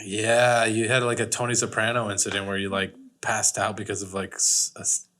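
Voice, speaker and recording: A man co-hosting a podcast in casual chat, easygoing and quick to laugh. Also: fairly low pitch, flat delivery, bright, forceful tone. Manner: jokey, laughs often, easygoing. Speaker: podcast co-host.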